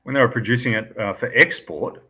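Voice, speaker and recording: An Australian man co-hosting a casual live-stream chat, speaking hesitantly with many pauses and short laughs. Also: medium pitch, sharp tone, slightly rough, rough recording. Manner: hesitant, lots of ums and quick laughs. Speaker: co-host.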